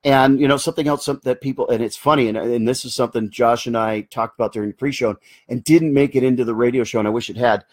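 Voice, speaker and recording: Husky-voiced man hosting a casual Q&A. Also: mid-range voice, steady tone, fast talker, few pauses, a little mellow, no echo. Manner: earnest, explanatory, drifts into asides and restarts. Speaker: host of a live Q&A show. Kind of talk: casual live Q&A, answering viewer comments.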